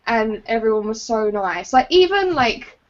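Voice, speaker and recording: A woman's voice: a little high, very animated, measured pace, slight background noise. A woman, co-hosting a podcast, telling stories in casual chat and laughing often. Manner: laughs often, chatty storyteller. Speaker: podcast co-host. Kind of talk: casual chat over a call. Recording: dull lo-fi call audio.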